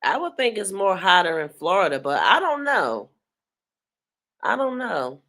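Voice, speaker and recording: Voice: mid-range voice, big pitch swings, unhurried, pushed and bright. A reaction video host making casual, sassy and teasing comments.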